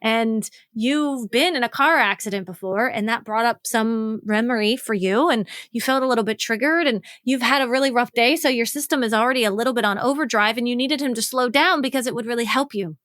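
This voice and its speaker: Brief: high-pitched woman relationship coach, frank and animated, acts out both sides, dry close sound. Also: fairly quick, few pauses, no room sound. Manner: frank, swears casually. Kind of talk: solo podcast explainer.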